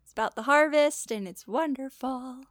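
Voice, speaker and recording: A woman's voice: sits high, moderate pace, a bit bright, no echo, clean studio sound. A woman co-hosting a podcast in casual chat, bubbly and talkative, swearing casually. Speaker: podcast co-host.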